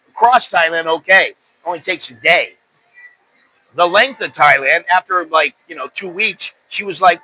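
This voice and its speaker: A man's voice: on the high side, normal speed, pushed and bright, dry recording, rough recording. A middle-aged American man hosting a podcast, telling stories in a loose, rambling, self-deprecating way. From United States. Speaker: podcast host. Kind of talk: casual chat.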